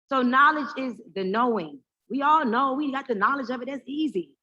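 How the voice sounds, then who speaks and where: A woman with a bright, forceful voice pitched a little high gives an animated, preacher-like talk to a live audience. She calls out for responses and rallies the room. The sound is somewhat dull and lo-fi. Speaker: motivational speaker hosting the event. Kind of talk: lively stage talk with call and response. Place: live event in front of an audience.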